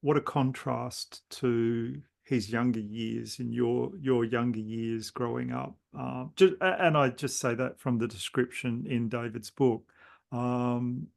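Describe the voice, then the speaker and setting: Male host, gravelly voice, meandering reflective chat, conversational interview tone. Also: medium pitch, slow. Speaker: podcast host.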